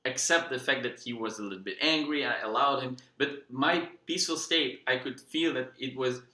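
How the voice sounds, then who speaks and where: Calm male vlogger telling a story. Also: mid-range voice, moderate pace, echoey room. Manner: relaxed, calm, with many fillers and restarts. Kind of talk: casual storytelling.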